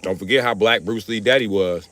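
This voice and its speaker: A man hosting a livestream, riffing through a crude comedic monologue and jumping into high put-on voices for quotes. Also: brisk, a bit bright. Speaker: livestream host.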